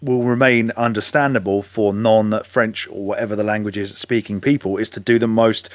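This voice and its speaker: A man's voice: lowish voice, fairly even intonation, moderate pace, dry recording. A man co-hosting a podcast, chatting casually with trailing asides. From England. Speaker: podcast co-host. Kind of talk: casual chat.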